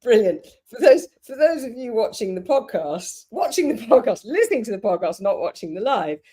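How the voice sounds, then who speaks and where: A woman's voice: on the high side, sing-song, moderate pace, warm tone. A woman with an English accent hosting a casual live-stream podcast, gushing with praise for her guests. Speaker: podcast host.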